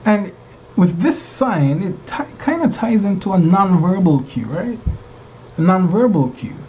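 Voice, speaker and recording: A male instructor delivers a classroom lecture in a mellow, warm voice, turning often to his students with rhetorical questions. His speech is plain and direct, with a faint hiss of background noise behind it. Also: sits high, big pitch swings, measured pace, low-quality recording.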